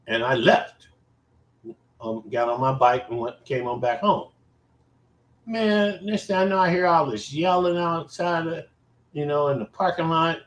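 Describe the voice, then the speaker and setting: A man casually telling a personal story to his viewers, animated and profane, with emphatic repetition. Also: on the high side. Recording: roomy echo.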